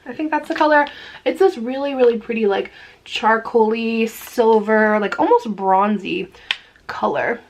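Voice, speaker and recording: A woman's voice: a little high, a little slow, a little hiss or hum. Bubbly woman doing makeup chat. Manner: chatty and bubbly, laughing often. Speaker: beauty vlogger. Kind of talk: casual get-ready-with-me chat.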